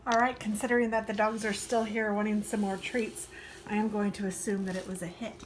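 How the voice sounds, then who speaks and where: A woman's voice: mid-range voice, level tone, a little fast. A woman chatting casually at home in her kitchen as she bakes, cooing sweetly to her dogs. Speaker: home baking and crafting vlogger. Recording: noisy, with clattering dishes and clicks.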